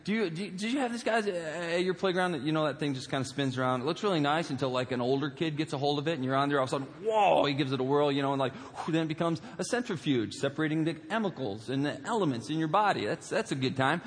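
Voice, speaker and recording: A man preaching in a large auditorium, his voice carrying a long reverb around the hall. He talks in a somewhat high register and keeps the sermon loose and jokey, full of asides and fillers. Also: quick pace, hardly any pauses. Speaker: pastor. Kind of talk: humorous storytelling sermon.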